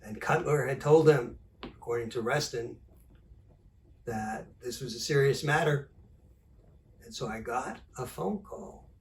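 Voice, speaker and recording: An older man, a journalist, telling an animated anecdote and acting out the dialogue. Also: medium pitch, measured pace, long pauses, recorded from a distance. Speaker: journalist and author. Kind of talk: storytelling talk.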